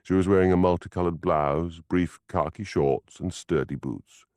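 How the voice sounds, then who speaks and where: A man's voice: low voice, moderate pace, a little mellow, no room sound. A man reading a mystery audiobook as narrator, telling the story expressively. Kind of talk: scripted narration.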